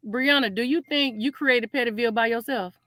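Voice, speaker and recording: High, bright, rambling woman host. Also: dry recording. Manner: rambling, defensive, halting restarts. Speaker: livestream host. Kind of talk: casual livestream talk.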